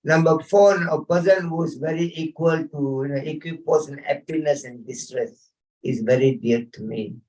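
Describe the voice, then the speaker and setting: A man leads an informal scripture class at a home gathering, mixing chanted Sanskrit verses with chatty, chuckling stories. His voice is mellow and warm. He sounds a little distant from the microphone. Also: a little high, moderate pace. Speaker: spiritual teacher.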